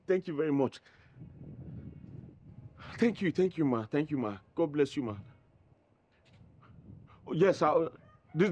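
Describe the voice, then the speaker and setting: An actor with a Nigerian English accent playing a hopeful young jobseeker who stammers, gushes thanks and slips into pidgin. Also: male voice, fairly high pitch, darkish tone, lo-fi sound. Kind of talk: film drama acting.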